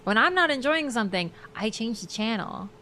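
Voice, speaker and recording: A woman's voice: fairly high pitch, animated, brisk, bright, forceful tone, a little hiss or hum. A woman streaming a game, chatting casually with her viewers and laughing often. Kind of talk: casual live-stream chat.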